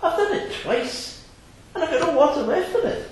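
A man preacher voicing a small girl who fetches water, high and puzzled, in a story told from the pulpit. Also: lively intonation, moderate pace, slight background noise. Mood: exasperated. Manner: high chirpy questioning. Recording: echoey hall.

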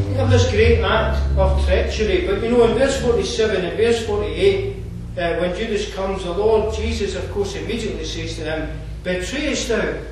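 A man preaches in a high-pitched voice, earnest and chatty, with asides and fillers. He is picked up from a distance in a church hall. Strong echo rings around him, with faint noise underneath. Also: a little mellow. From Scotland. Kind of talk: sermon. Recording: roomy distant hall mic.

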